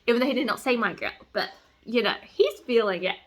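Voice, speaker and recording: A young woman talking about a book in a casual vlog. She is excitable, swears freely and says "like" a lot. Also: a little high, fairly quick. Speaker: book vlogger. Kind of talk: casual reading vlog chat.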